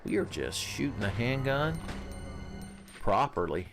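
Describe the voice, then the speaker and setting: A man's voice: medium pitch, big pitch swings, measured pace, over music. A young man casually commenting on a video game as he plays, swearing and joking with his chat and laughing often. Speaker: streamer.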